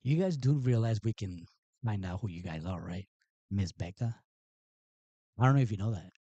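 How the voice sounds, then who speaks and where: A man's voice: lowish voice, animated, normal speed, warm tone, breathy edge, no echo, muffled recording. A man hosting a live stream, talking in a mocking, sarcastic and rambling way to his viewers. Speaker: livestream host. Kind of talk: casual live-stream commentary.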